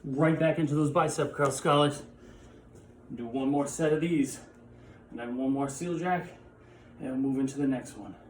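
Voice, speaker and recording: A man's voice: mid-range voice, moderate pace, pauses often, a little hiss or hum. Guy pe teacher calling out reps while he works out, kinda winded, roomy echo. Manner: upbeat coaching while exercising. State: out of breath. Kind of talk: home workout class.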